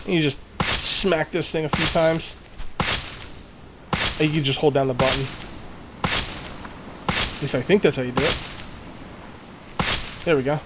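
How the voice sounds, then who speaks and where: A man's voice: a little high, a little hiss or hum. Chatty man narrating his gameplay. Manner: chatty, thinks aloud, jokey asides. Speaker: let's play gamer. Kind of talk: casual gameplay commentary.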